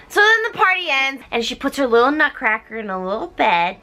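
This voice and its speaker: Brief: tipsy young woman comic narrator, high and bright, giggly, does voices. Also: brisk, hardly any pauses. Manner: giggly, animated, voices the characters. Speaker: host. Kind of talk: tipsy comedic retelling.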